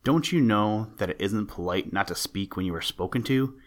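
A curious, playful skunk scolding with pretend severity, put on by a man reading a storybook. The voice sits fairly low. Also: normal speed, natural voice. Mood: mock-severe. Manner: teasing, mock-severe. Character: teasing, curious male skunk. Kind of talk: storybook character voice.

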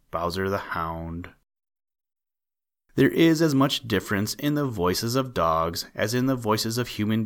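A man narrating a children's animal story in a measured, gently emphatic storytelling manner. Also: fairly low pitch.

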